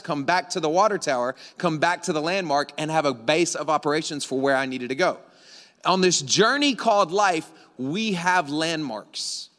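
A pastor from Louisiana preaches into a stage microphone, loose and playful as he tells a road-trip story. His voice sits high, and a long hall reverb rings behind him. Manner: casual, joking, animated storyteller. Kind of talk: sermon with storytelling. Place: large church auditorium.

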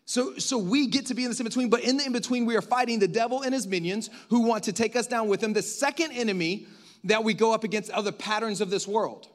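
A man with a high-pitched voice preaches a sermon in a loose, conversational way. He speaks straight to the congregation, poses questions and adds joking asides. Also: quick pace.

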